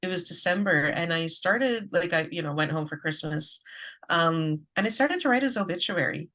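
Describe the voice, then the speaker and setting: A woman host speaks in a notably low voice. She talks calmly and thoughtfully, offering soft replies while she listens to her guest. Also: normal speed. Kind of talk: casual conversation.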